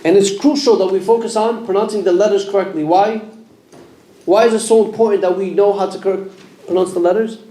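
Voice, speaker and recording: A man's voice: high voice, fairly even intonation, a little fast, warm tone. A man teaching Quran pronunciation in a mosque class, sounding out letters and quizzing his students with questions. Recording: echoey room.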